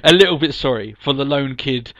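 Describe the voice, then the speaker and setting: A man's voice: mid-range voice, lively intonation, fairly quick, pushed and bright, dry recording. A man co-hosting a podcast, chatting casually and emphatically, laughing often. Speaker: podcast co-host. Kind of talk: casual wrestling review chat.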